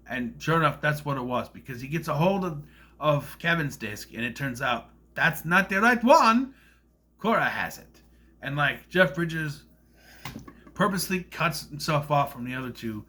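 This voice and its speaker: Man, casual movie review, rambling, lively pitch, bright tone, acts out quotes. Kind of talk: casual film review monologue.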